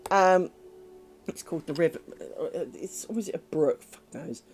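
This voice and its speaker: A British woman chatting casually on a crafts livestream, telling rambling, animated stories full of ums and the odd swear word. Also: sits low, normal speed. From Britain. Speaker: crafts streamer.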